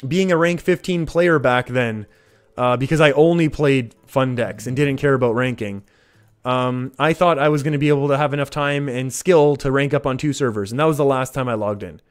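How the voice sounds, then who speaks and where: Excitable man streaming a card game. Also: mid-range voice, normal speed, clean tone. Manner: chatty, reads chat aloud, excitable. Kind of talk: casual game commentary. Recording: faint music behind.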